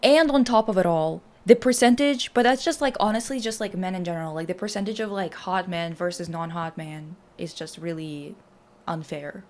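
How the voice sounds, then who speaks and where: A woman's voice: on the low side, moderate pace, a little hiss or hum. A young adult woman hosting a casual stream chat, reacting bluntly and with lots of swearing as she reads out stories. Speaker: streamer host.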